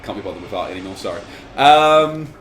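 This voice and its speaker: A man's voice: lowish voice, lively intonation, a little fast, fairly bright tone, reverberant, a little hiss or hum, poor audio. A man hosting a gameplay stream, chatting casually and rambling while he plays. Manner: rambling, distracted while playing. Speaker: gaming streamer.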